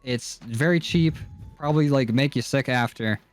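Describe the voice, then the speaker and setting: A man's voice: mid-range voice, moderate pace, no room sound. A man co-hosting a casual podcast chat, easygoing and enthusiastic as he argues for his picks. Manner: easygoing, enthusiastic about food. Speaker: podcast co-host.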